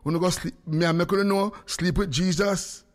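A Jamaican man talks live from his home studio in a high, bright voice. He is animated and playful, joking with his audience and calling out to viewers by name. His speech rolls along in casual, teasing banter. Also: normal speed. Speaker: livestream host.

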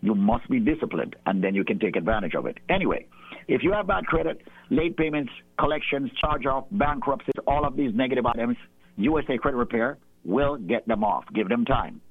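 A man gives firm, preachy advice on air and drives home his points by repeating them. His voice is husky, and it comes through a thin, phone-like line. The sound is dry and close. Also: mid-range voice, lively intonation, brisk, dry recording. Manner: emphatic, preachy, repeats key lines. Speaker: company owner pitching on radio. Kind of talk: persuasive radio talk.

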